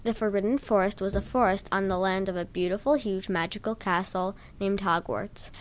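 A woman reading a story aloud in a plain, steady storytelling manner with a few stumbles. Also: medium pitch, normal speed. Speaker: reader.

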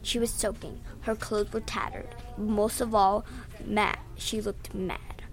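A woman reading her own adventure story aloud, lively, raising her voice for the shouted lines, with small slips and restarts. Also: medium pitch, slow pace.

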